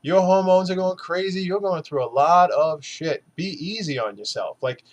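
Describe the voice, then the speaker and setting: A man's voice: sits high, moderate pace. A man recording a casual motivational vlog, blunt and earnest, swearing often as he urges viewers to go easy on themselves. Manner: blunt, heavy swearing, earnest pep talk. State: three months after surgery. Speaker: weight-loss vlogger.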